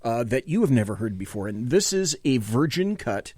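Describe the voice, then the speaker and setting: A man hosting a late-night talk show, talking casually and excitably, rambling through stories with frequent cursing. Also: medium pitch, normal speed, no room sound, clean studio sound.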